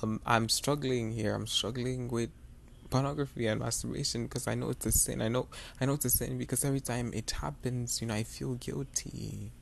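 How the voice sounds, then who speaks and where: Brief: young male podcast host, gravelly, earnest faith testimony, confessional, rambling with fillers. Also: mid-range voice, fairly even intonation, brisk, a little hiss or hum.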